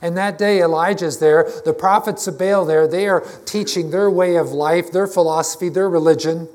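A man's voice: a little high, fairly even intonation, moderate pace, darkish tone. A man preaching a conversational, emphatic sermon to his congregation, often restarting his phrases. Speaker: pastor.

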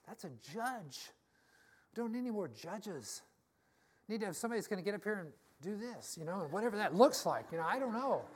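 A middle-aged woman preaching in an easygoing, folksy way. Her voice sits a little low, and she tells stories, repeats her phrases and laughs easily as she talks to her congregation. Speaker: pastor. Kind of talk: casual conversational sermon.

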